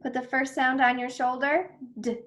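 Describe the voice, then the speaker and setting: A young woman teaching an early reading lesson to children, drawing out phonics sounds and cheering when a word is read. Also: high voice. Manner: slow, exaggerated phonics sounds with bursts of excited praise.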